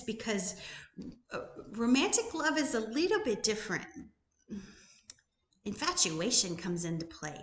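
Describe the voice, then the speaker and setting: A woman's voice: lowish voice, fairly bright tone. A middle-aged woman, a life coach, giving an emphatic motivational talk full of rhetorical questions. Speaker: life coach and YouTube host. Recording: roomy echo.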